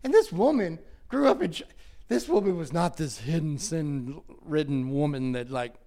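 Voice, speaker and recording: A man's voice: a little high, animated, moderate pace, warm tone. A man who is a pastor, talking in a casual teaching way, emphatic and heated at times, with frequent restarts.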